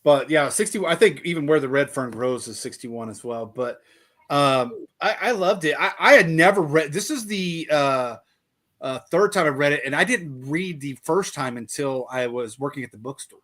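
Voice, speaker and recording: A man hosting a casual book chat, enthusiastic and halting as he talks, often repeating words. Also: on the high side, animated, fairly bright tone. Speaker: podcast host.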